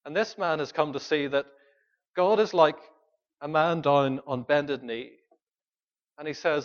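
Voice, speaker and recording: Earnest preacher, slightly high voice. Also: male voice, moderate pace, dull audio. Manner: earnest, pleading, questions the congregation. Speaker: pastor. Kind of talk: sermon.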